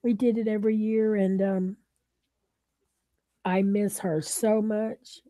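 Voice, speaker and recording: A woman's voice: medium pitch, little pitch movement, takes it slowly, dark tone, no echo. A middle-aged woman, chatting emotionally and rambling to her viewers. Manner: rambling, emotional, repeats herself. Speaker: vlogger. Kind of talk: emotional casual chat to viewers.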